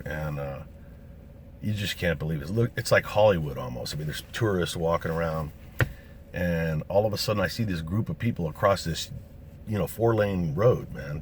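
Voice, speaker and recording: Deep-voiced man telling a profane story. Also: normal speed, slight background noise. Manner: profane, swears constantly; animated, acts out quotes of other people. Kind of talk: casual true-story storytelling.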